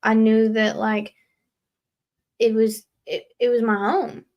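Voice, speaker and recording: A woman's voice: a little high, flat delivery, slow pace, lo-fi sound. A young woman telling her recovery story as a guest in a casual live interview, earnest and rambling, with many fillers. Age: young adult. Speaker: guest leaving a recovery house.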